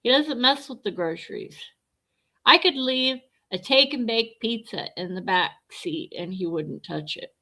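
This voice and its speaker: Middle-aged woman, bright-voiced, casual livestream host answering chat bluntly. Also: on the high side, lively intonation, unhurried. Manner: blunt, chatty, reads and answers viewer comments. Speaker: livestreamer chatting with viewers.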